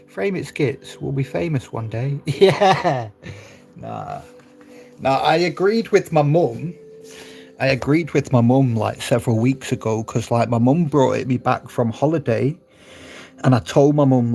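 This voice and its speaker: A man's voice: medium pitch, gravelly, a little mellow. A man live-streaming from his phone at home, chatting casually and laughing with viewers as he reads their comments. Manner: chatty and laughing, talks straight to viewers in the chat.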